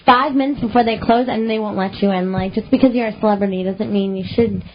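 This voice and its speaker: A woman co-hosting a talk radio show, chatty and full of "like", reading entertainment news on a lo-fi AM broadcast. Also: mid-range voice. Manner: chatty, lots of "like", quick to laugh. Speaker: radio co-host and news reader. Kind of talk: casual talk radio banter. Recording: lo-fi AM radio broadcast with faint noise.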